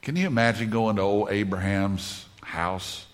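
A man's voice: fairly low pitch, a little slow. A man preaching a sermon at a conference, emphatic, repeating key phrases over and over. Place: conference stage.

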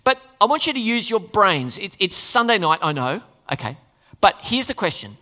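Lively, chatty preacher in a reverberant hall. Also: medium pitch, normal speed. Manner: conversational, asks the congregation questions, playful asides. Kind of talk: sermon. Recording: long reverb of a large hall.

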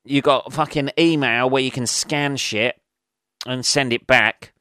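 Rambling podcast host, swearing. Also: male voice, mid-range voice, steady tone, measured pace, bright, forceful tone, clean tone, no echo, clean studio sound. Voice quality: profane, rambling, thinks aloud. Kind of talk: solo comedic rant.

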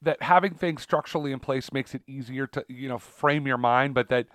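A man's voice: mid-range voice, a little fast, a bit bright, no echo, clean studio sound. A man co-hosting a casual talk show about faith, rambling with many fillers and restarts. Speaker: podcast co-host.

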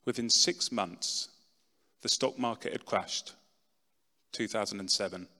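A middle-aged man giving a dramatic personal testimony talk, swinging from loud, pushed lines to hushed ones. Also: lowish voice, measured pace. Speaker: speaker telling his testimony. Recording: long reverb in a large hall.

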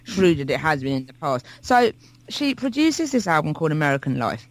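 A man's voice: on the high side, big pitch swings, fairly quick, low-quality recording. A man co-hosting a podcast, telling a wry story about music in a chatty way, with frequent restarts. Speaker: podcast co-host. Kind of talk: casual chat about music.

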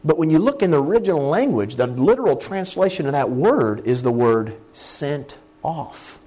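Male preacher, lively and animated, slightly higher register; chatty sermon delivery that leans hard on key words. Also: breathy edge. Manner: animated, conversational, stresses key words slowly. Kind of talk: sermon teaching a Bible word study.

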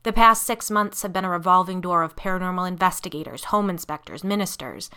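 A woman reading the part of a shaken middle-aged father in a spoken horror story. He sounds tense and exasperated, clipped and blunt, with a bright, pressing edge to the voice. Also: high-pitched, brisk, clean tone.

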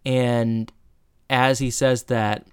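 A man's voice: medium pitch, very slow, clear, resonant tone, dry recording, studio quality. A man co-hosting a podcast, casually retelling a TV episode with lots of fillers. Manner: relaxed storytelling with filler words. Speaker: podcast co-host. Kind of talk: casual recap chat.

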